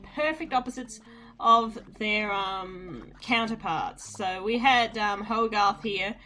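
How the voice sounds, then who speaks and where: A woman's voice: a little high, pushed and bright. A woman giving wry, rambling casual commentary while playing an adventure game. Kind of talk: casual let's-play commentary.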